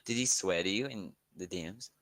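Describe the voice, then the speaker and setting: A very low-pitched Australian man on a gaming voice call, half paying attention and mumbling between moves. His voice sounds dry and close to the mic. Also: a little fast, fairly bright tone, no echo. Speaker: friend on voice call. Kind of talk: casual chat over voice call.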